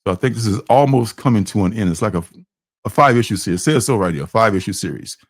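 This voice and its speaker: A man's voice: fairly low pitch, expressive, fast talker, no room sound, studio quality. A man hosting a comic book livestream, chatting casually and rambling with fillers and restarts, sometimes acting out characters' lines.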